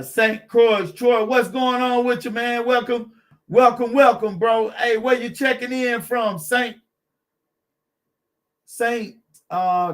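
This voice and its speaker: A man's voice: high voice, fairly bright tone. A man hosting a car channel live stream, chatting with viewers in a laid-back, encouraging way and greeting them by name.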